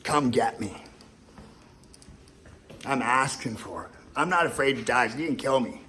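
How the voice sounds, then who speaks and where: A man's voice: medium pitch, lively intonation, a little slow, bright, forceful tone, slight background noise. Profane rambling man ranting. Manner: rambling, profane, emotional and repetitive. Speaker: vlogger. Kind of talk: ranting monologue to camera.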